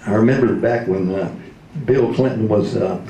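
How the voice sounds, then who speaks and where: A man's voice: fairly low pitch, normal speed, vocal fry, mellow, highs cut off. A man in his seventies, a retired radio DJ, telling comic stories in a speech, laughing often and slipping into voices. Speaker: retired radio DJ, convention speaker. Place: convention hall. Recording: roomy hall.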